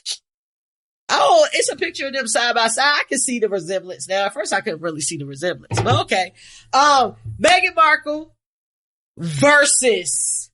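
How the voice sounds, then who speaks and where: A woman's voice: fairly high pitch, very animated, moderate pace, sharp tone. A woman co-hosting a podcast in casual, profane chat, blunt and rambling. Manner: blunt, rambling, swears freely. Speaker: podcast co-host.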